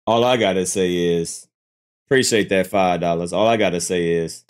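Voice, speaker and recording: A man reacting to clips on a live stream in casual commentary, mocking and animated, jumping into high squeals of disbelief. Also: moderate pace, clean tone.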